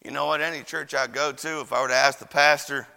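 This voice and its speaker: Male preacher, folksy storyteller, bright edge, echo of a hall. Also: quick pace, creaky, smooth. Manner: folksy, animated, shouts at high points. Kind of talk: sermon with storytelling. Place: church chapel.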